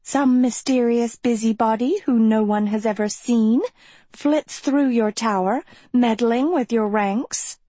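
A woman's voice: a little high, measured pace, dark tone, dry recording, pitched above the performer's own voice. Woman doing a fretful, prim fairy professor. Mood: tart.

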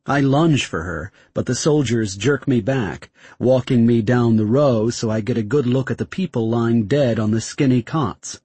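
A man narrating a first-person story in a tense, steady way. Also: medium pitch, moderate pace, few pauses, breathy edge, no room sound. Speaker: audiobook narrator.

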